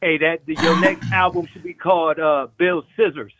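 A man's voice: a little high, fairly even intonation, moderate pace, noisy background. A man calling into a show over the phone, telling roast jokes with eager stammers. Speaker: caller. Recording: tinny phone line.

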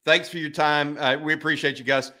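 Bright-voiced host. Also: male voice, on the high side, level tone, a little fast. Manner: brief, polite sign-offs. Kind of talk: wrapping up an interview.

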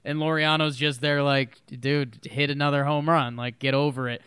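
A man's voice: on the high side, flat delivery, normal speed, a bit bright, clear, resonant tone, no echo, clean studio sound. A man co-hosting a casual sports podcast, retelling a moment with enthusiasm and laughter. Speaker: podcast co-host.

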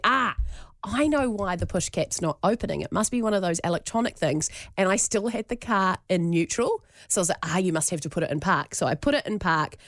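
A woman's voice: on the low side, dry recording, studio quality. Laughing New Zealand woman radio host. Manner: animated, laughing, acts out her own lines. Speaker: radio breakfast show co-host. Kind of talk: casual on-air storytelling. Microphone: studio microphone.

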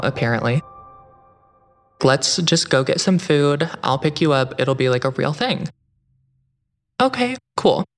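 A young man telling his own true story in the first person, in an earnest, measured way. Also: medium pitch. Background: music.

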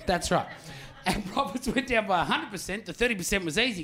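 A man's voice: high-pitched, lively intonation, fairly quick, pushed and bright. An Australian man in his forties doing a stand-up comedy routine, telling a story loosely, swearing and throwing asides to the audience. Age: 40s.

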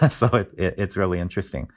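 A man's voice: deep voice, lively intonation, brisk. A man speaking as a linguist guest, explaining his research in a casual, enthusiastic way, often laughing and restarting words.

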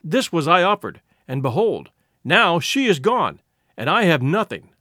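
A man's voice: a little high, very animated, bright, forceful tone, no room sound, studio quality, exaggerated voice. A man reading as a petulant, complaining village elder. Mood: aggrieved. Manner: complaining, slow emphatic delivery. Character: aggrieved older male village elder, petulant.

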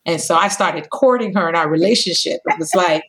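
This podcast guest, a company co-founder in her thirties, narrates her story with animated energy, voicing bits of dialogue through big pitch jumps. Her speech is fairly quick, and the recording quality is low.

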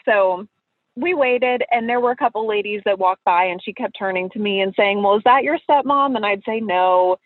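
A woman's voice: medium pitch, normal speed, dry recording. A woman recounts a personal story in an easy, chatty way, slipping into the voices of the people she quotes. Her voice comes through a thin phone line with no room sound at all. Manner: animated, acts out quoted voices. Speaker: caller telling a ghost story. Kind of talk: casual storytelling.

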